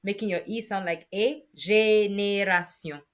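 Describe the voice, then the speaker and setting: A woman teaching French sounds in a patient, encouraging lesson, modelling each sound slowly. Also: medium pitch, expressive, pushed and bright. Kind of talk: spoken lesson on pronunciation.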